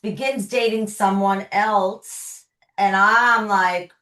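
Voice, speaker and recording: A woman's voice: mid-range voice, slow. A woman therapist answering questions, explaining with everyday examples in a conversational way. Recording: echoey room sound.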